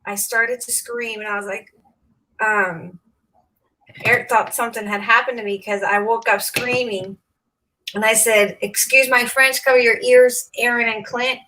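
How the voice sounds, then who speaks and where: Bright chatty woman in her fifties. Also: on the high side, fairly even intonation, a little slow, a little hiss or hum, poor audio. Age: 50s. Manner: chatty, laughs often, greets viewers by name. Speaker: craft livestream host. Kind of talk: casual livestream chat.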